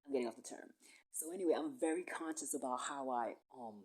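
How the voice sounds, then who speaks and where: A woman's voice: rumbling low, fast talker, a little mellow, slightly rough. A woman, rambling profanely through a monologue that jumps from topic to topic. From Puerto Rico.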